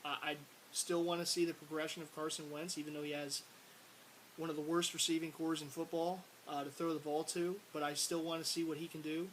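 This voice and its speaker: A man's voice: on the high side, little pitch movement, fairly quick, low-quality recording. Frustrated male sports fan vlogger. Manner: frustrated, rambling, repeats words, bursts of exasperated shouting. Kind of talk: casual sports rant to camera. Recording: faint hiss.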